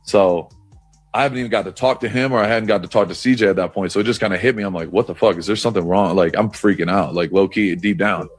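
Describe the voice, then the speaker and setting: A man's voice: on the low side, fast, soft background music. A man, a football player on a podcast, telling a story loosely with plenty of "like" fillers and swearing. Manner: loose, profane, lots of "like" fillers. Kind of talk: casual storytelling.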